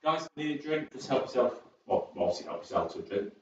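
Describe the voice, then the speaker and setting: A man's voice: mid-range voice, animated, fast, darkish tone, slight background noise. A young man leading a chair exercise class, chatty and encouraging with rambling asides. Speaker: fitness instructor. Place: community sports centre. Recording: echoey hall, distant, dull sound.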